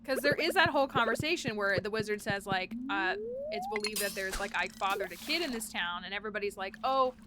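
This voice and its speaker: A woman streamer giving chatty, excitable commentary on a game she is playing. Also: medium pitch, fast talker, background noise. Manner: excitable, chatty, lots of fillers. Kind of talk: casual gameplay commentary. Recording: game music behind.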